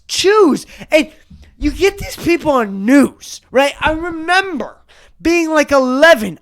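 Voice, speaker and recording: A young adult podcast host giving an angry, profane rant on a solo episode, sometimes breaking into shouts. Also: medium pitch.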